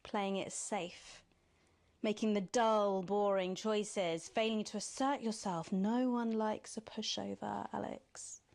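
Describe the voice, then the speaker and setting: A woman's voice: fairly even intonation, gravelly, a little mellow. An actress voicing a sly woman presenter who mockingly tempts the player toward being bad, in a video game. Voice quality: purring, mocking, drawn-out teasing delivery. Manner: sneering and condescending, mimics others in high silly voices. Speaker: news anchor.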